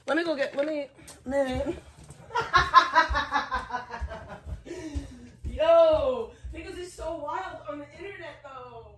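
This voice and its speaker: A woman's voice: high voice, extremely slow, pauses often, background noise. A woman ranting profanely and taunting someone on a home livestream. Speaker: streamer. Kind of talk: angry livestream rant.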